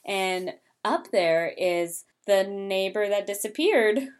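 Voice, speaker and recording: A woman's voice: mid-range voice, takes it slowly, clear, resonant tone. Woman animatedly retelling a movie. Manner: animated storyteller, acts out characters' lines, laughs often. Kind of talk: casual chat retelling a movie plot.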